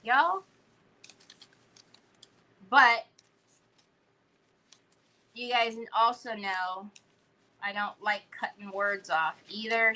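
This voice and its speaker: A woman's voice: medium pitch, very slow, pauses often, sharp tone. A woman hosting a crafting livestream, chatting casually and playfully with cutesy baby talk while reading out viewers' comments. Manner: reads out viewers' chat comments. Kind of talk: casual live-stream chat while crafting.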